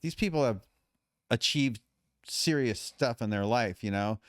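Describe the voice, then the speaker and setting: Middle-aged male guest, animated storyteller who acts out the quotes, dry close sound. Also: medium pitch, measured pace, dry recording. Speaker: podcast guest. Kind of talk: casual storytelling.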